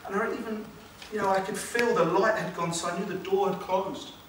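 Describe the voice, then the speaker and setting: A man, a motivational speaker telling an emotional personal story at a seminar, with dramatic pauses and questions to the audience. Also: high-pitched. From England. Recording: echoey room, distant mic, background noise.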